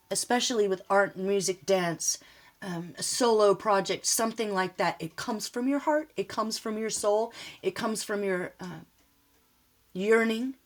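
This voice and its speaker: Woman, tarot reader, rambling and heartfelt, mid-pitched voice, soft music underneath. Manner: chatty, emotional, rambling, laughs often and apologizes for talking. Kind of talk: casual spoken tarot reading.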